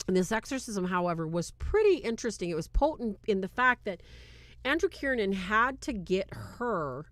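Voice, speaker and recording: A woman hosting a casual film review, with a voice of ordinary pitch for a woman. Her delivery is animated and incredulous, and her pitch often jumps up when something strikes her as absurd. The sound is dry and close, with no room echo. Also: moderate pace. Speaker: video host. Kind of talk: casual movie review commentary.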